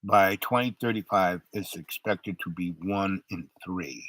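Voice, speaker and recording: An older man hosting his own talk show, talking in a rambling, halting way with many fillers. His voice sounds unusual because of an old throat injury. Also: deep voice, fairly bright tone, no echo, rough recording. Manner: halting, many fillers and restarts, stutters under strain. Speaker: show host. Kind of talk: rambling monologue.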